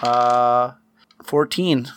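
A man playing a tabletop role-playing game, chatty and quick to laugh. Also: medium pitch, noisy background. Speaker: player. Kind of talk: casual tabletop play.

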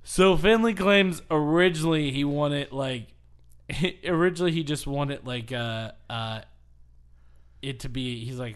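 A man's voice: fairly high pitch, a little slow, clean tone. A man co-hosting a casual podcast, telling a wrestling story in a rambling, laughing way with many restarts. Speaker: podcast co-host.

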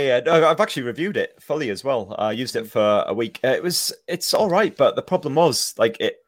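A man's voice: mid-range voice, no echo, clean studio sound. Guy guesting on a podcast, swears a lot, laughs easy. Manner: profane, laughs often. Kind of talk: casual chat.

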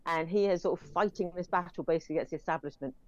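A woman's voice: fairly low pitch, racing, darkish tone, dry recording, highs cut off. A woman reviewing films in casual, rambling chat, with many fillers. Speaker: film reviewer.

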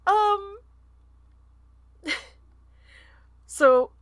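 A woman's voice: mid-range voice, measured pace, fairly bright tone, no echo. A young American woman co-hosting a podcast, chatting enthusiastically about a book and reading passages aloud with frequent giggles. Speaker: podcast co-host. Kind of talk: casual book-club chat and reading aloud.

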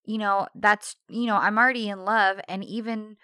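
Recapping a TV series on a podcast, a woman with a medium-pitched voice talks at a normal pace in relaxed conversation. She laughs a lot and performs characters' lines in lively bursts. The sound is dry and studio quality.

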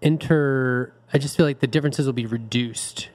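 A man's voice: medium pitch, fairly even intonation, moderate pace, darkish tone. A man talking as a guest in a casual podcast discussion, thoughtful and a little hesitant, correcting himself as he goes.

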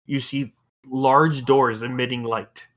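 A man's voice: mid-range voice, steady tone, slow pace. A man narrating a tabletop game as game master, in a loose, rambling way with fillers.

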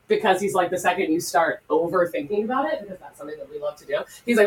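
Female co-host from Florida, middle pitch, chatty, a bit distant from the mic. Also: a little fast. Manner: chatty, animated storytelling. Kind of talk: casual chat. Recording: voice from farther off the mic.

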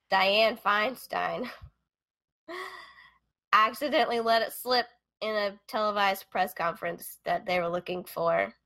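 Woman, middle pitch, true-crime podcast co-host, casual storytelling, chatty with fillers. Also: fairly bright tone. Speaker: podcast co-host telling the case. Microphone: remote call.

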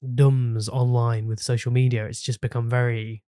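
A man's voice: mid-range voice, level tone, moderate pace, dark tone, smooth, no echo. Easygoing male podcast host, dry sound. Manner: easygoing, agreeable, hesitant with fillers. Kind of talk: casual podcast interview.

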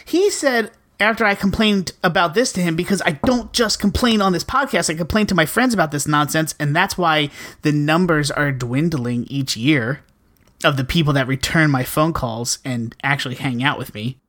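Woman podcast co-host, lower-pitched, profane and sarcastic. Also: moderate pace, a bit bright. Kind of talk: casual chat.

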